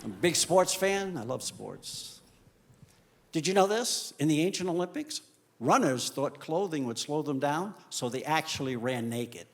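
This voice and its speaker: A stand-up comedian telling jokes on stage, shifting between deadpan storytelling and loud punchlines. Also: male voice, a little high, measured pace. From Italian heritage. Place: comedy stage before a live audience.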